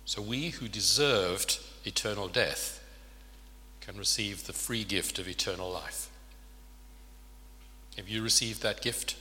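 A man's voice: lowish voice, slow, pauses often, bright, forceful tone. A man preaching a sermon in an earnest way, often asking his listeners rhetorical questions. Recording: long reverb of a large hall.

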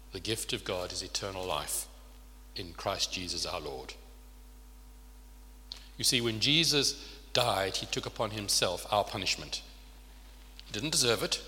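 A man's voice: on the low side, pushed and bright, slight background noise. Man preaching in an echoing hall. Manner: earnest, asks the listeners rhetorical questions. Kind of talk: sermon. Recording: long reverb of a large hall.

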